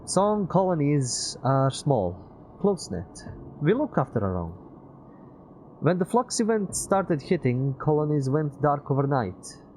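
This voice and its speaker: A man's voice: a little high, sing-song, measured pace, darkish tone, slight background noise, voice pushed up, rough recording. A man reading a game aloud, voicing a weary male former engineering teacher who has lost his home and future. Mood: earnest. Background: music.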